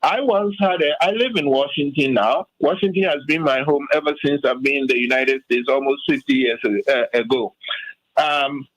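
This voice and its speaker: A man's voice: mid-range voice, a bit bright, no echo, low-quality recording. An older man from Africa, a guest on a talk radio show, speaking in a fired-up way with frequent restarts and "okay?" asides. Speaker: guest commentator.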